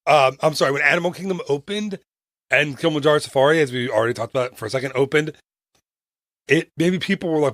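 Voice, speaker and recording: A man's voice: a little high, fast, a bit bright, dry recording, clean studio sound. A man co-hosting a podcast, chatting casually in a playful, teasing way, coughing now and then. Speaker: podcast co-host. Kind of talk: casual chat.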